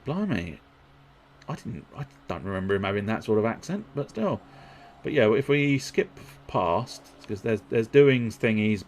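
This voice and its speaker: A man's voice: fairly low pitch, slight background noise. Rambling male game streamer. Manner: rambling, jokey, self-deprecating. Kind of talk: casual gameplay commentary.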